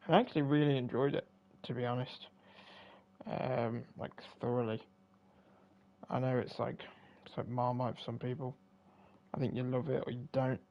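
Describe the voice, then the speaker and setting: Tired, gravelly man streaming games. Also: medium pitch, little pitch movement, moderate pace, muffled recording. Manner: rambling, self-deprecating, many fillers. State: tired, yawning. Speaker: game streamer. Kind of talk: casual commentary while playing.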